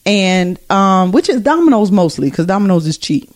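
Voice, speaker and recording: A woman co-hosting a podcast, telling a story in an animated, casual way with laughter. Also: medium pitch, moderate pace. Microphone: podcast microphone.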